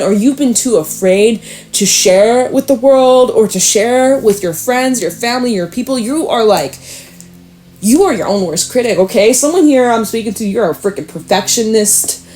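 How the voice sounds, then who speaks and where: A woman's voice: on the high side, darkish tone. A young adult woman giving a casual spoken tarot reading, chatty and emphatic, swearing now and then and using lots of fillers. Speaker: tarot reader.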